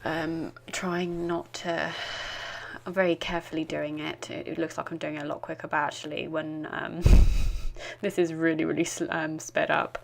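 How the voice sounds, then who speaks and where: A woman's voice: low-pitched, vocal fry. A young woman chatting through a voice-over of her art journal, rambling and self-deprecating. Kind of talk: casual voice-over narration.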